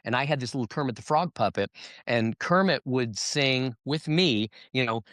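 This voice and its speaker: A man spins stories in an easy, animated way, now and then dropping into playful character voices. His voice sits at an ordinary middle pitch. The sound is dry and close, with no room around it. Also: moderate pace, no echo. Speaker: guest entertainer. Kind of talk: casual interview chat.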